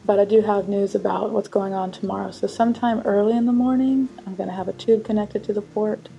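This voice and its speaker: A woman's voice: mid-range voice, a little fast, vocal fry, soft background music, low-quality recording. A woman recording a late-night video diary from her hospital room, speaking steadily and matter-of-factly. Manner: flat, steady, matter-of-fact. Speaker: patient vlogging from the hospital.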